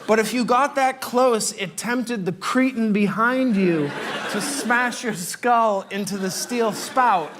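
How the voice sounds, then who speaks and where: A man in his fifties doing a stand-up comedy set on a club stage, telling wordy mock-pompous stories that build to emphatic punchlines. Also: sits high. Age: 50s. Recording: noisy live stage recording.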